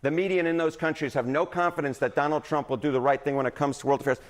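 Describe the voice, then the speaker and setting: A man on a news broadcast walking through poll numbers in a brisk, explanatory way. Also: on the high side, steady tone. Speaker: polling analyst. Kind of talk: news analysis segment.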